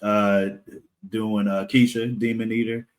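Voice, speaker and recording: A man's voice: on the low side, level tone, unhurried. A man, a comic creator guest, talking casually in a podcast interview, rambling with fillers and frequent laughs.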